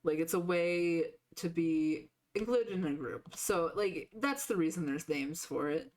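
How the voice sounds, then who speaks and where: A woman streaming a game live, chatting casually with a sore throat that lowers her voice, rambling with lots of "like" and restarts. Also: unhurried, darkish tone. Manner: rambling, full of "like" fillers and restarts.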